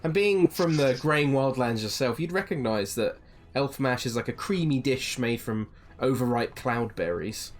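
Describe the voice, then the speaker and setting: A game master narrating a tabletop fantasy game, describing scenes with many ums and halting restarts. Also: mid-range voice, expressive.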